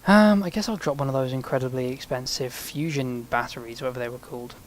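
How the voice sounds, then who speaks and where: 皮肉まじりにつぶやくイギリス英語の男性. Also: male voice, mid-range voice, quick pace, slight background noise. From Britain. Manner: rambling, sarcastic, mutters to himself. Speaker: gameplay commentator. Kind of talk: casual game commentary.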